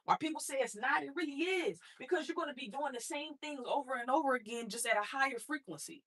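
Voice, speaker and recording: A woman's voice: high-pitched, fast, a bit bright. An adult woman and mother telling her own story in a blunt, streetwise motivational talk, speaking straight to her listeners.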